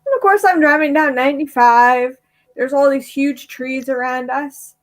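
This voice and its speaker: A young adult woman co-hosting a podcast, telling stories in a lively casual chat and laughing often. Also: sits high, moderate pace, rough recording. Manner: animated storyteller, laughs often. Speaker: podcast co-host.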